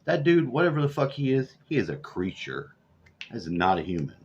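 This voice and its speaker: A man's voice: mid-range voice, very animated, brisk, background noise. Profane rambling man, lo-fi. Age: over 40. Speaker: vlogger. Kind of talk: profane political rant. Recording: dull lo-fi audio.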